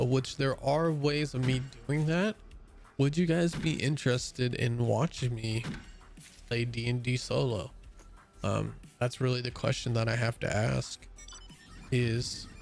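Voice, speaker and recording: Gravelly and mid-range, this young man's voice carries casual, rambling game-stream chat full of fillers and restarts. He sounds a bit tired.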